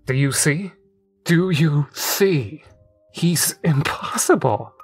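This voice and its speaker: A man voicing an exasperated older male manager who grows agitated and loud. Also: a little slow, soft background music, natural voice. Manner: raised, agitated, pitched up.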